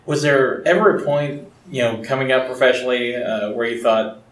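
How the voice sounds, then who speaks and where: A man's voice: medium pitch, fairly even intonation, normal speed. A man interviewing in a casual, conversational and affirming way. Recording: roomy sound, distant from mic.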